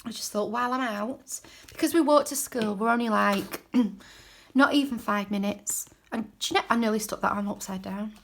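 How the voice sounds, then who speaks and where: A woman chatting casually while she crafts at home, rambling and dropping into soft mutters as she works. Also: mid-range voice, normal speed, vocal fry, slight background noise. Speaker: craft journaling creator. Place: home craft desk, indoors.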